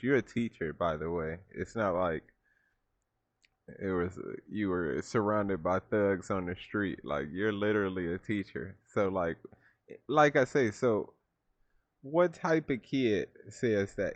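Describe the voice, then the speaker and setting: A man hosting a reaction video, talking in a casual, animated and incredulous way. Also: fairly low pitch, unhurried, no room sound, highs cut off. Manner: animated, incredulous, laughs often. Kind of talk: casual commentary reacting to a clip.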